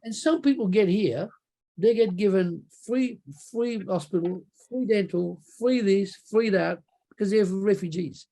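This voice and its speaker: A man's voice: high voice, measured pace, warm tone. A man telling a story in a casual interview, rambling and often tagging "right?" onto his sentences. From Australia. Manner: rambling, repeats words, frequent "right?" tags. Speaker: interview guest.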